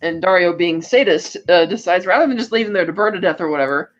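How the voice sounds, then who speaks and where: A man co-hosting a podcast, retelling a movie plot in a casual, animated way and jumping into quick voices for the characters. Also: high voice, lo-fi sound, slight background noise. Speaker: podcast co-host. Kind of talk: casual film recap.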